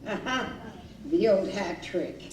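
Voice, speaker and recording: A woman's voice: mid-range voice, expressive, takes it slowly, darkish tone, a little hiss or hum. A woman acting a jaded household cook in a stage play, tossing out dry, sardonic quips. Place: small community theater stage. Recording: roomy stage sound from far off.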